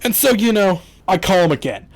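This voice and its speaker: A man's voice: high voice, big pitch swings, fairly quick, no room sound. Exasperated man ranting on a vlog. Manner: exasperated, swears often, rambling with restarts. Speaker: YouTuber. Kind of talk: casual storytelling rant.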